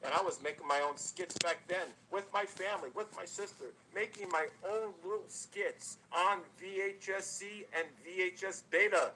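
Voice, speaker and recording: A man's voice: high voice, moderate pace, few pauses, bright, forceful tone. Blunt, cursing man on a noisy stream. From New Jersey. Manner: blunt, profane, repetitive. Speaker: YouTuber. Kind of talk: livestream rant to viewers.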